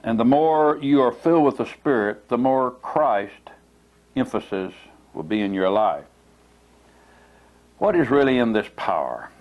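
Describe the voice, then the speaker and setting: A man preaching a teaching sermon in a meeting room, speaking slowly and deliberately and leaning hard on single words. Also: medium pitch, lively intonation, dull audio.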